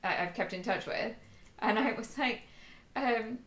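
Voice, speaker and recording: A woman in her forties chats away as she hosts a live crafting stream, laughing easily and muttering to herself as she works. Her voice is bright and a little high, and the room gives it a noticeable echo. She sounds relaxed and conversational throughout. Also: normal speed. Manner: chatty, laughs often, talks to herself while working. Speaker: crafting livestream host. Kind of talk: casual live chat while crafting. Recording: roomy echo.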